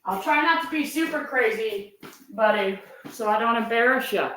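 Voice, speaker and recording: A woman's voice: on the high side, lively intonation, moderate pace, fairly bright tone, a little hiss or hum. A middle-aged woman hosting a casual live stream and talking directly to her viewers in a chatty way. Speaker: live-stream host and reseller.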